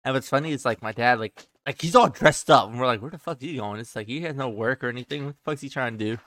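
A man's voice: mid-range voice, fast, a bit bright, dry recording. A young man telling a childhood story in a loose, profane way on a podcast, full of "like" and "he's like". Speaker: podcast co-host. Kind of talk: casual storytelling.

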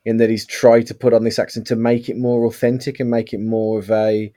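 A man's voice: lowish voice, little pitch movement, brisk, warm tone. A man co-hosting a podcast, talking through a film with hesitant phrasing and dry humour. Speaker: podcast co-host. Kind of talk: casual film review chat.

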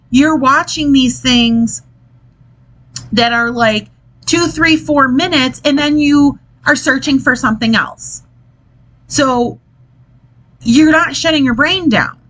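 A woman's voice: high voice, fairly bright tone, rough recording. A woman hosting a casual podcast, a mother talking in an exasperated, chatty way and swearing now and then. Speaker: podcast host, parent. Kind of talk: casual monologue. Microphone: desk mic, hits it while gesturing.

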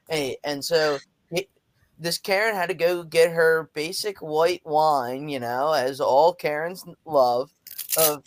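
A man's voice: on the high side, dry recording. A man on a podcast telling a profane, ranting story in casual talk and acting out what people said. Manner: profane, ranting, acts out quotes. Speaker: podcast guest.

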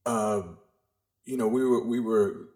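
Deep-voiced man, Southern roots, rambling storyteller. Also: slow. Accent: faint Southern American. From the Carolinas, US South. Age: middle-aged. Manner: rambling, animated storyteller with many restarts. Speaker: podcast guest. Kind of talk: casual interview chat.

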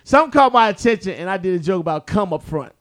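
A comedian telling a story in casual chat, animated and profane, acting out what people said. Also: male voice, high-pitched, fast. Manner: animated, profane, acts out quotes.

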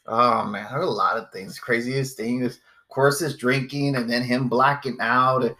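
A man telling stories in casual chat, swearing and acting out what people said. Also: normal speed. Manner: animated, swears, acts out quotes in a high voice.

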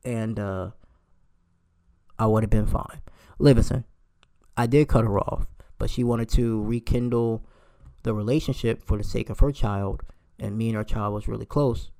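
Man, late twenties, heated storytime rant, profane, emphatic, outraged pitch jumps. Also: steady tone, measured pace, long pauses, dark tone. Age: late 20s.

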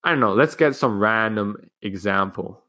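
A man's voice: on the low side, moderate pace, pushed and bright. A teenage man hosting a solo podcast, rambling frankly and casually with frequent swearing. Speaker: podcast host.

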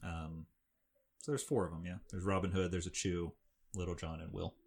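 Brief: low-voiced male podcast co-host, loose and rambling, lots of ums. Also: little pitch movement, normal speed, creaky, darkish tone, slightly rough. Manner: rambling, with many fillers and restarts. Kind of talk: casual chat recapping a film.

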